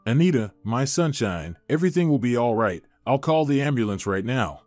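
A man voicing a grieving young man who speaks in a pleading, halting way. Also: medium pitch, animated, a little mellow, dry recording, soft background music, natural voice. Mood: desperate.

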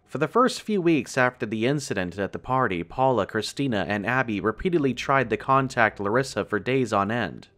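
A man reading a first-person horror story aloud in a steady storytelling voice. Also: mid-range voice, a little fast, few pauses. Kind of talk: scripted horror story narration.

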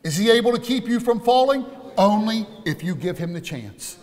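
A male pastor preaching an impassioned sermon that swings from hushed to loud. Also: high-pitched, expressive, normal speed, big-room sound.

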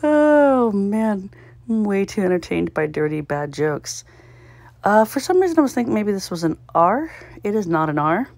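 A woman's voice: medium pitch, big pitch swings, normal speed, darkish tone, dry recording. A woman vlogger talking casually to herself while she solves a puzzle, sounding out guesses and laughing at her own mistakes. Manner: self-mocking, thinks aloud, sounds out guesses, giggles. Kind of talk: casual solo commentary while solving.

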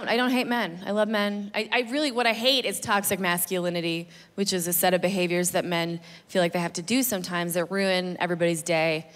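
Woman doing standup, lowish voice, quick, echoey hall. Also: steady tone, fairly bright tone. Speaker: stand-up comedian. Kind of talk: stand-up comedy set.

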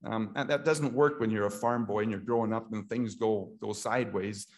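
A man's voice: lowish voice, steady tone, moderate pace. A middle-aged Canadian man giving an impassioned talk at a political meeting, repeating himself and restarting often as he grows emotional.

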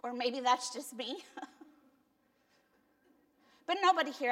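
A woman's voice: sits high, slow pace, bright, forceful tone. A woman pastor with a Cuban accent giving a conversational sermon, asking the congregation questions and poking fun at herself. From Cuba. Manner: conversational, self-deprecating, asks the congregation. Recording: church hall reverb.

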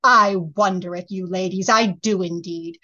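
A woman's voice: on the low side, fairly even intonation, a little slow, pushed and bright. A woman reading the lines of a fairy-tale king, who talks firmly and lectures the fairies, on a slightly muffled recording. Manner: lecturing, firm. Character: firm, reasonable fairy-tale king, middle-aged man.

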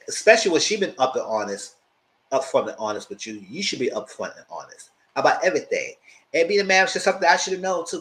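A man giving a casual, animated recap of a reality show, acting out quotes in a squealing high voice and breaking into loud laughs. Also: rough recording. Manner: loud laughs and shouted asides. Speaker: TV show reviewer.

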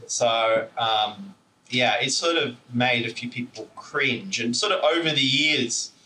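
Picked up by a distant camera mic in a roomy indoor venue, a man gives an informal, rambling public talk full of fillers and chuckles. His medium-pitched voice is slow, bright and forceful, with a little hiss or hum.

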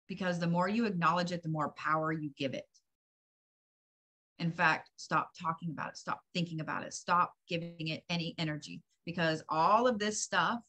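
A woman's voice: lowish voice, pushed and bright. A woman doing a channeled psychic reading, talking straight to the listener with blunt, profane, emphatic advice. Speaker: psychic reader. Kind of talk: channeled reading, direct address.

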